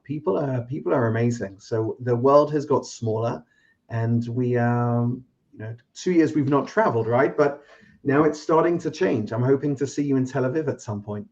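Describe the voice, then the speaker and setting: A British man as a guest in a live online interview, speaking in a friendly, measured way. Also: mid-range voice, a little mellow, dull audio. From Britain.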